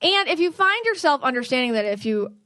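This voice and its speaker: A woman's voice: high voice, big pitch swings, a little fast, sharp tone, no room sound. Earnest woman podcast host, dry sound. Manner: earnest, conversational, with restarts and quoted inner voices. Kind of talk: spiritual advice monologue.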